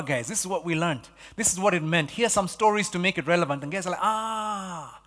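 A man preaching a sermon as pastor, animated, repeating key phrases and swinging from loud exclamations to hushed lines. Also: sits high, long reverb tail. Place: church hall.

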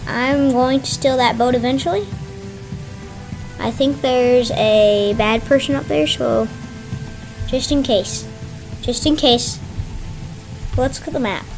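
A woman's voice: sits high, takes it slowly, long pauses, music in the background. A woman giving casual, chatty commentary on her own gameplay, talking to herself and yelping when surprised. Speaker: gameplay streamer.

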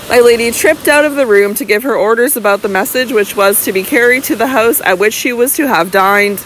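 A woman reading a classic novel aloud as an audiobook narrator in even, measured storytelling. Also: a little high, slight background noise, rough recording. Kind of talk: scripted narration.

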